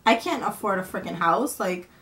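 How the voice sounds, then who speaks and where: A woman's voice: medium pitch, animated, normal speed, a bit bright. A young woman vlogging at home, venting in a rambling, frustrated way and swearing casually.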